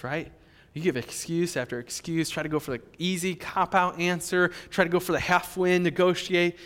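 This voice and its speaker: A male pastor preaching a sermon in an animated, emphatic way. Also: sits high. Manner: animated, emphatic, with fillers and restarts. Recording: long hall reverb.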